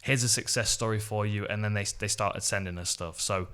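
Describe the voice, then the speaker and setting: A man's voice: fairly low pitch, steady tone, brisk, bright, forceful tone, smooth. A man co-hosting a podcast, speaking casually and hesitantly with many restarts. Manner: hesitant, lots of fillers and restarts. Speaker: podcast co-host. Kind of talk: casual podcast chat with sponsor read.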